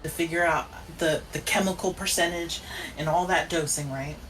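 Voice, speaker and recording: A woman's voice: low voice, fairly even intonation, normal speed, fairly bright tone, recorded from a distance, a little hiss or hum, low-quality recording. A woman streamer in casual chat, telling stories in a blunt, exasperated way with plenty of swearing. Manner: blunt, exasperated storytelling with profanity.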